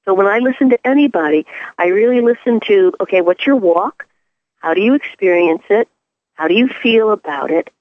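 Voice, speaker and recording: A woman's voice: mid-range voice, animated, moderate pace, no echo. Reflective woman on a tinny line. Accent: New York. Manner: reflective, asks rhetorical questions. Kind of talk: casual chat.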